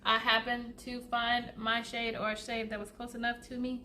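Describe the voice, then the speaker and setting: A woman's voice: fairly high pitch, level tone, moderate pace, pushed and bright, slight background noise. A woman, chatting casually to viewers through a makeup routine and calling them y'all. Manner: chatty, addresses viewers as y'all, laughs often. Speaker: beauty vlogger. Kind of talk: casual get-ready-with-me chat.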